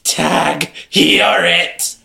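A woman voicing a playful, menacing male ghost who taunts in a low, sing-song way. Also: very slow, gravelly, sharp tone, echoey room, full character voice. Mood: sinister.

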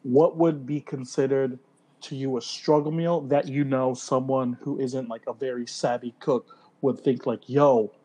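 A man co-hosting a casual podcast chat, telling animated stories full of slang and swearing. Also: medium pitch, measured pace, husky. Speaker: podcast co-host.

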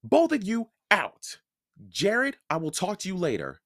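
A man's voice: high-pitched, huge pitch swings, measured pace, voice pushed up, full character voice. A man doing a stern, scolding mother. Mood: stern angry. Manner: sharp and scolding.

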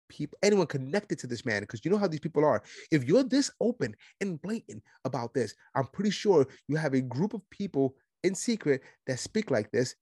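A man's voice: medium pitch, a little mellow, no room sound. A man from Puerto Rico hosting a podcast, giving blunt, indignant commentary with self-mocking asides. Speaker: podcast host. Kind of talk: opinionated commentary.

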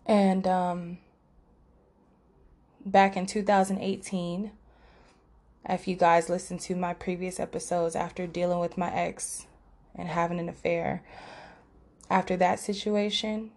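A woman's voice: lowish voice, flat delivery, unhurried, pauses often, a little mellow. A young woman hosting a podcast, telling a personal story candidly and emotionally, with many fillers and restarts, in a room away from her usual setup. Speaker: podcast host. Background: outside noise through an open window.

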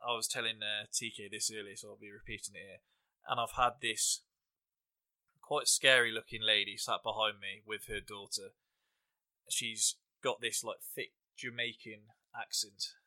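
A man's voice: fairly low pitch, steady tone, normal speed, sharp tone. A young English man hosting a podcast, rambling through funny anecdotes and fight picks with a casual, laughing delivery. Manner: rambling anecdotal storyteller, laughs while talking. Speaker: podcast host. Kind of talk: casual chat and fight predictions.

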